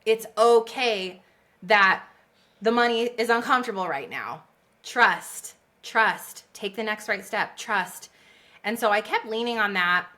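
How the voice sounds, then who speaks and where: Bright, animated woman telling her story. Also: mid-range voice, measured pace. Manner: animated, laughs often, acts out quotes. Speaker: podcast guest, business coach. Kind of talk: conversational interview storytelling.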